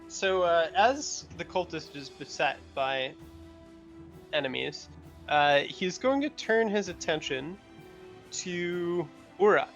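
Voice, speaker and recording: A man narrating as game master of a tabletop game, relaxed and halting, with many fillers. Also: on the high side, muffled recording, soft background music.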